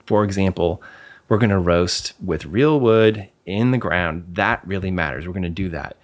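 A man with a notably low, deep voice talks as a guest in easygoing conversation. He is candid and emphatic, drops the odd swear word, and doubles back on words while he works out what to say. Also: normal speed. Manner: repeats words as he searches for phrasing. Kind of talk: casual conversation.

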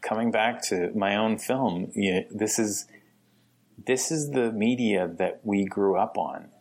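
Low husky-voiced man, rambling guest. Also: slow pace, darkish tone. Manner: rambling, many restarts, laughs often. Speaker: film director guest. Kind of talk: casual podcast chat.

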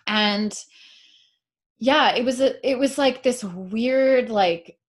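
A woman's voice: on the high side, slow pace. A woman author chatting as a podcast guest, rambling with many "like"s and restarting her sentences. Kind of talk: casual podcast chat.

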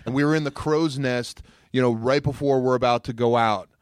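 A man, an actor guest, telling animated stories in a casual chat. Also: medium pitch, brisk, smooth, dry recording, clean studio sound. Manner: animated, does voices in anecdotes.

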